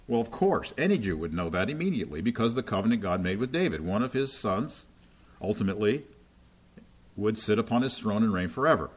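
A man's voice: on the low side, big pitch swings, fairly quick, fairly bright tone, slightly rough. A man preaching in a conversational teaching style, often checking in with his listeners as he explains scripture. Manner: checks in with listeners often, asking "right?" and "okay?".

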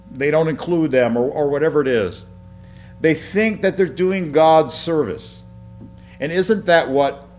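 A man's voice: medium pitch, darkish tone, a little hiss or hum. A man preaching a sermon, teaching through Bible passages in a conversational way, with rhetorical questions and frequent restarts. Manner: repeats and restarts words while explaining.

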